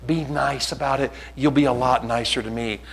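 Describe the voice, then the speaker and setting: A male pastor preaching a sermon, earnest and pleading, acting out conversations in animated bursts. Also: medium pitch, normal speed, gravelly, rough recording.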